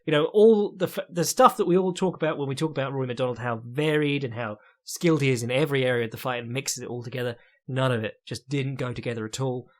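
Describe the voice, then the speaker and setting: A young man hosting a podcast alone, giving casual fight commentary in a sardonic, profane manner with quick asides. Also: medium pitch, a little mellow. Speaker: podcast host and fight analyst.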